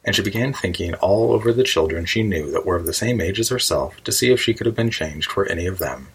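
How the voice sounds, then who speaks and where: A man narrating a storybook in a measured, even reading voice. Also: sits low, husky, rough recording. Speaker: audiobook narrator.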